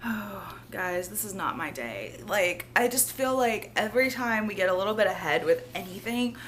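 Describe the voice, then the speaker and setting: A woman's voice: medium pitch, expressive, moderate pace, a bit bright, slight background noise. A young woman chatting casually in a vlog, rambling and sick, losing her voice and coughing. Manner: chatty, rambling, lots of "like" and "y'all". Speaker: vlogger.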